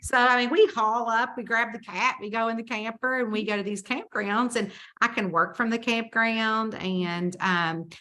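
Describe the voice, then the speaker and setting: A woman from the Southern United States with a Southern American accent, a mystery author telling chatty, animated stories in an interview. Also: fairly high pitch, normal speed, few pauses. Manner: chatty, animated storyteller who acts out dialogue. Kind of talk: casual storytelling interview.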